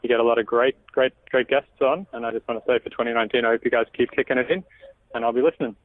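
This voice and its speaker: Male caller from Australia, easygoing and friendly, speaking quickly over a tinny phone line. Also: mid-range voice, fairly even intonation, no echo. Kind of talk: casual call-in chat.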